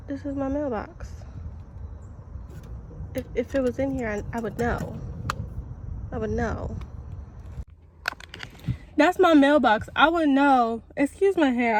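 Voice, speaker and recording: High-voiced woman vlogging casually. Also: background noise. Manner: animated, exasperated retelling with repeated restarts. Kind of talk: casual vlog storytelling. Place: in a car and around home.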